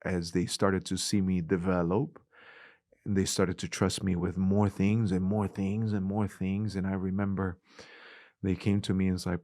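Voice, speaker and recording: A middle-aged man with a Spanish-influenced accent, a youth ministries director telling animated stories in an interview and acting out the dialogue. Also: low-pitched, a little slow, no echo, studio quality. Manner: animated storyteller, acts out quoted dialogue. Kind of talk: conversational interview.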